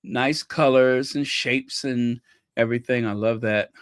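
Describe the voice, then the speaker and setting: With a smooth, steady mid-range voice and a measured pace, an American man runs his own channel. He talks to viewers casually, wandering from point to point in a playful way and leaning on lots of fillers.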